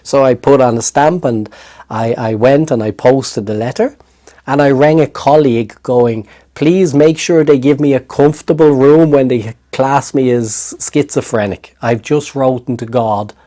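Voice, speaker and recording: A middle-aged Irish man, a therapist, recounting a personal story in an interview with lively restarts. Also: mid-range voice, unhurried. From Ireland. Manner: animated storytelling with hesitant restarts. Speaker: guest, therapist.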